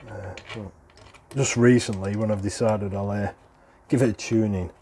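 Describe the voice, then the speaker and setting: A middle-aged British man, an airgun hobbyist presenter, talks through a casual hands-on repair in a chatty, explanatory way, chuckling between points. His voice is lowish, dark and steady, at a moderate pace, with a little hiss or hum on the recording.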